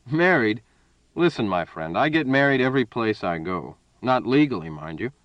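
A man voicing a smooth, menacing male card sharp aboard a spaceship, hearty and boastful, then cold and purring, on a dull, dry recording. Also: medium pitch, big pitch swings, normal speed, no echo.

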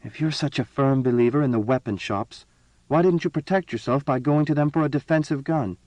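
A man voicing a proud, impatient young empress in an audiobook reading, speaking higher and more commandingly than his own voice. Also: brisk, a little mellow, no echo, natural voice. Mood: imperious. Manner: raised pitch, commanding and cutting.

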